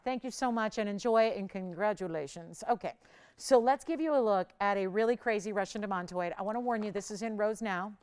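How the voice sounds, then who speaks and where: A woman hosting a live jewelry auction on a shopping channel, talking in bubbly, fast sales patter and a bit out of breath. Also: fairly high pitch, smooth.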